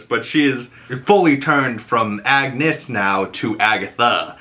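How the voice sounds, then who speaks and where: A man hosting a casual episode recap, animated and acting out character lines in put-on voices. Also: fairly low pitch, normal speed, hardly any pauses.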